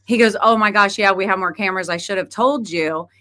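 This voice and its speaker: A woman's voice: medium pitch, brisk, pushed and bright. A middle-aged woman hosting a podcast, chatting casually and laughing often as she tells stories. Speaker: podcast host. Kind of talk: casual chat.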